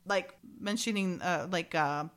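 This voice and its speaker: A woman's voice: on the low side, measured pace. A woman hosting a casual podcast, reading lines from a TV script aloud and breaking off to joke and laugh about it. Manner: animated, reads quotes then jokes and laughs between them. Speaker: podcast host.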